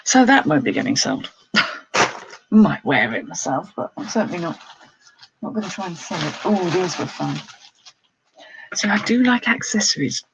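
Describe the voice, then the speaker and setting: A woman's voice: on the low side, very animated, moderate pace, vocal fry, pauses often, fairly bright tone, a little hiss or hum, low-quality recording. A woman who resells clothes, chatting casually on a live stream, laughing often and reading out viewer comments. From United Kingdom. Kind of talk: casual live-stream chat while showing items.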